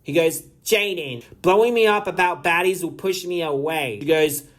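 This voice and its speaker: Man, somewhat high voice, casual commentary, reads messages aloud, wry asides, close mic. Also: moderate pace. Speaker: commentary channel host.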